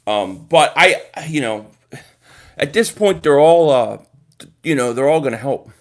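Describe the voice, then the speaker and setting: A man hosting a casual sports livestream, talking straight to viewers, animated and swearing freely. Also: mid-range voice, measured pace. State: groggy from a nap. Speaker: livestream host reading chat.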